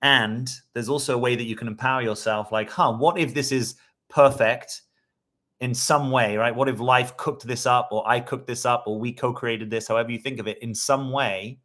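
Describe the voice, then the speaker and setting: A man's voice: mid-range voice, a bit bright. A man working as a dating coach, talking in a reflective, conversational way on a live stream and answering viewer comments, often checking in with his listeners.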